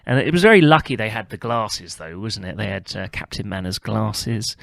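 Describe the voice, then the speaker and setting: A man recapping a television episode on his podcast in a relaxed, chatty way, tacking tag questions onto his remarks. His voice sits low. The recording is dry, with no room echo. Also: moderate pace, vocal fry. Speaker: podcast host. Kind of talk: casual TV-episode commentary.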